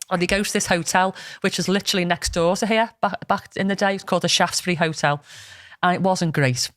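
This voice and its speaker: A woman's voice: on the low side, fairly even intonation, quick pace, hardly any pauses, no echo, clean studio sound. A woman, chatting casually as a podcast host and retelling a film plot with plenty of swearing. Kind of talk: casual storytelling chat. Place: podcast studio.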